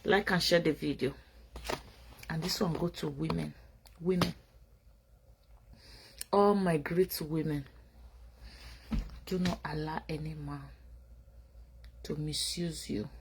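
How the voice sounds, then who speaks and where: Slow, drowsy Nigerian woman vlogger. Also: low-pitched, steady tone, vocal fry, noisy background. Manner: drowsy, rambling, drifting between loud and murmured. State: tired, drinking wine. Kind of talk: late-night casual livestream chat.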